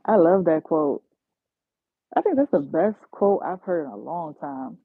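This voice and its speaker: Gravelly-voiced New woman chatting. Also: fairly low pitch, big pitch swings, measured pace, long pauses, no echo. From New York. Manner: chatty, slangy, self-mocking, laughs often. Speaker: travel nursing aide, livestream host. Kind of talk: casual livestream chat. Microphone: phone. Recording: dull lo-fi phone audio.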